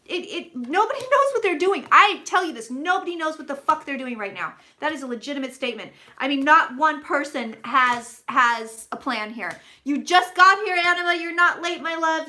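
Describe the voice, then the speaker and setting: A woman's voice: high-pitched, sharp tone. A woman hosting a casual live-stream tarot reading, chatty and profane, greeting viewers by name as she talks. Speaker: psychic tarot reader.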